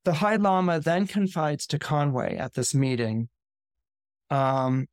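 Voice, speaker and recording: A man's voice: a little high, animated, takes it slowly, dry recording, clean studio sound. A man hosting a podcast who retells a story casually and conversationally, with frequent fillers. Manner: conversational, with fillers like "you know". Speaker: astrologer podcast host.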